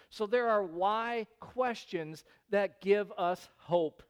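A male pastor delivers a sermon in a high, smooth, resonant voice. He preaches in an animated way and rises into loud, emphatic bursts. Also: slow pace, hardly any pauses.

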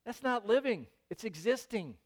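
High-voiced, animated male preacher. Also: moderate pace. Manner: animated preaching, rising to loud emphatic bursts. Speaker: pastor. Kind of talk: sermon.

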